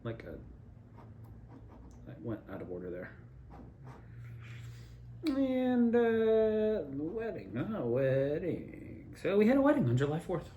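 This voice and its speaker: A man's voice: high-pitched, wildly swooping pitch, takes it slowly, long pauses, warm tone, highs cut off, slight background noise. Rambling man telling wild stories, roomy echo. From Altoona area, Pennsylvania. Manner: loose, digressive, swearing, laughing at own stories. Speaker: storyteller. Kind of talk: rambling personal storytelling.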